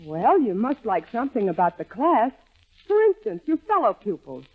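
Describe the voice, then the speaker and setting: A woman playing a patient, gently scolding wife and mother in a 1940s radio sitcom. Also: on the high side, sing-song, moderate pace, slightly rough. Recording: tinny lo-fi old radio broadcast.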